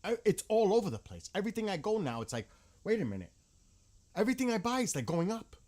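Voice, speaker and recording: A man's voice: high-pitched, very animated, fast talker, darkish tone. A man ranting bluntly about politics in a casual vlog, heated and swearing often. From United States. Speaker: vlogger.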